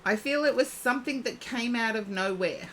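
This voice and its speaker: A woman's voice: a little high, normal speed, a bit bright, a little hiss or hum. A woman giving a live-streamed oracle card reading, chatting and thinking aloud as she reads. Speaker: psychic card reader.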